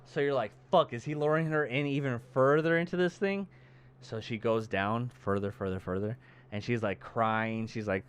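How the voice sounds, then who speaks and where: A man's voice: medium pitch, normal speed, smooth. A man co-hosting a podcast, casually retelling a movie plot and acting out the characters' lines. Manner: animated storyteller acting out characters, heavy cursing. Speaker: podcast co-host.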